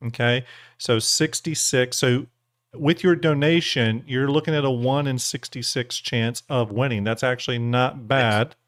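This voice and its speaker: A man's voice: mid-range voice, a little slow, fairly bright tone, no room sound. Chatty male livestream host, dry sound. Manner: chatty, repeats words, thanks donors. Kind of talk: casual livestream chat.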